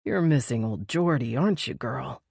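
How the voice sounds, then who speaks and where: A man's voice: mid-range voice, lively intonation, moderate pace, gravelly, darkish tone, slightly rough, dry recording, studio quality. Woman voicing an earnest male news chief. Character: male TV news boss, grieving, brisk.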